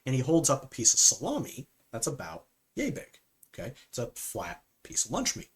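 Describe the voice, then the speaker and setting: A man's voice: mid-range voice, huge pitch swings, moderate pace, breathy edge. A man giving a casual spoken film review, rambling with frequent fillers and "okay?" asides.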